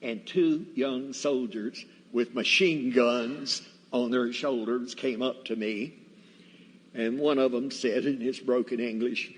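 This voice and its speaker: A man preaching in a church, telling Bible and personal stories in a folksy, deliberate way. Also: mid-range voice, steady tone, husky. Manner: slow, folksy, deliberate storytelling. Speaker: guest preacher. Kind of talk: storytelling sermon. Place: church sanctuary. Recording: reverberant church hall, faint ambience.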